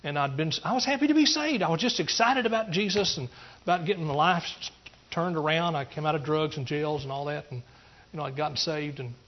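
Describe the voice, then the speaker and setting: A pastor from East Texas giving an earnest testimony sermon, rambling through restarts and rising into emphatic preaching. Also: male voice, on the high side, a little fast, lo-fi sound.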